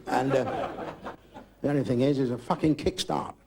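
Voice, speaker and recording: A man's voice: medium pitch, fairly even intonation, moderate pace, gravelly. An older man from Britain doing a crude, rambling live stand-up routine, swearing constantly. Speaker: stand-up comedian. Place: live comedy club. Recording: noisy live recording.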